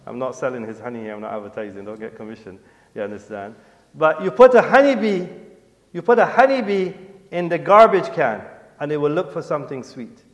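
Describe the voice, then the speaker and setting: Exhorting preacher in an echoing mosque hall. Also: male voice, animated, brisk. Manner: code-switches, often asks "you understand?", quotes Arabic and translates it; earnest, exhorting, voice falls low at the end of points. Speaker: preacher addressing a mosque congregation. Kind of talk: sermon. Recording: long reverb of a large hall.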